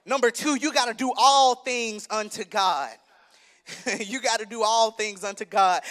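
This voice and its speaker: Young male minister, high bright voice, emphatic sermon delivery. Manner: emphatic preaching, rising to shouts, conversational asides. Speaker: minister preaching.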